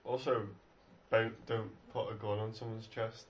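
A man's voice: lowish voice, level tone, measured pace. A man riffing on a film with friends, incredulous and chuckling. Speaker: film riffer. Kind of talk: casual mocking film commentary. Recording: dull lo-fi mic.

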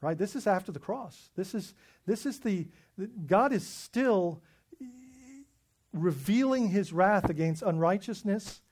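A man preaching a sermon, animated and emphatic, acting out scripture voices and often repeating words as he goes. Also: high-pitched, measured pace. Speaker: pastor.

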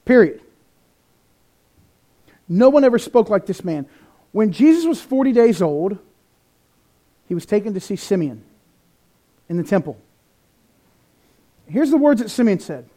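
A male pastor delivers an animated sermon. His voice sits high for a man but sounds mellow and warm, and he acts out the people he quotes with sudden jumps in pitch and volume. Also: measured pace, long pauses.

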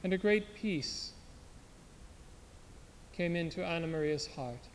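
A man's voice: on the high side, takes it slowly, slight background noise. A man preaching through a story in an earnest, dramatic way. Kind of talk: sermon storytelling. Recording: long hall reverb.

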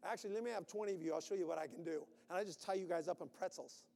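A man preaching a sermon, animated, acting out quotes with sudden loud bursts. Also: sits high, rapid-fire, gravelly, big-room sound. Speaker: pastor.

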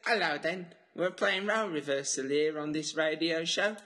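A man's voice: a little high, normal speed, sharp tone. A young man from the North of England putting on an exaggerated chirpy Cockney voice. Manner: exaggerated, giggly put-on Cockney.

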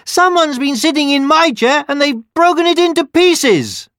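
A man voicing a small, upset baby bear in a children's storybook, with high wailing cries. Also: big pitch swings, normal speed, a bit bright, no echo, studio quality, heavily acted.

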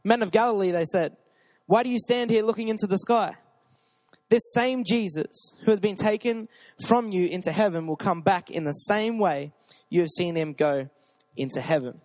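A man's voice: high voice, moderate pace, darkish tone. A young man preaching a casual, joking sermon at a church gathering and urging the crowd on. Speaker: pastor.

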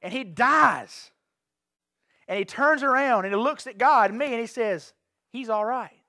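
A pastor with an extremely high, expressive voice preaches an evening sermon to his congregation in a church sanctuary at a moderate pace, sounding pushed and bright. Earnest, he repeats and restarts phrases and asks the listeners questions, in a dry, studio-quality recording.

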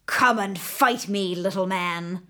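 Woman doing a shouting, taunting dragon. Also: medium pitch, takes it slowly. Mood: menacing. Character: terrible many-headed male dragon, menacing.

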